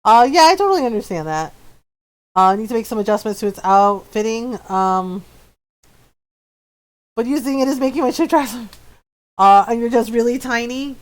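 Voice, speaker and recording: A woman streaming a game and chatting casually with viewers, bubbly and talkative and quick to laugh. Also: a little high, expressive. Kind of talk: casual gameplay chat.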